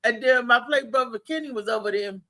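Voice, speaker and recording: A woman co-hosting a casual talk show, telling stories in an animated way with laughs and restarts. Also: on the high side, a little fast. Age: adult with a child. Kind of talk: casual chat.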